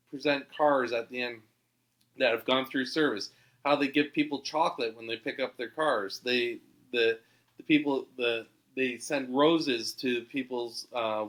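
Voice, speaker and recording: A man from Canada, a podcast guest, telling an animated, excitable anecdote. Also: medium pitch. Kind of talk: storytelling anecdote.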